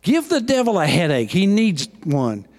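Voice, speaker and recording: Older pastor, fiery sermon, moves from loud to hushed, slightly high voice. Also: male voice, very animated, normal speed. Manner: impassioned preaching, swings from loud to hushed.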